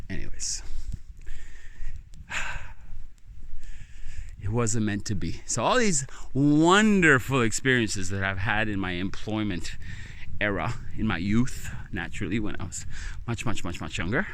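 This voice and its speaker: A man's voice: fairly low pitch, a little slow, long pauses. A man vlogging as he walks by a lake at night, telling stories in a chatty, rambling, sometimes profane way. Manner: chatty, profane, animated storyteller. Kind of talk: rambling monologue on a walk.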